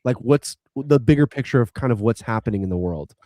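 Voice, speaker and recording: Retelling a video game story on a podcast, this co-host rambles casually, packing in "likes" and restarting often. He speaks a little fast with a medium-pitched, expressive, mellow voice, recorded in clean studio sound without echo.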